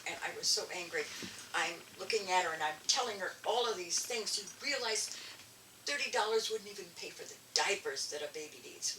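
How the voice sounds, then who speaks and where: An older woman, a guest elder and artist, telling animated stories in an interview with frequent restarts. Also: fairly low pitch, noisy background. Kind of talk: storytelling interview. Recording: echoey room, distant mic, faint ambience.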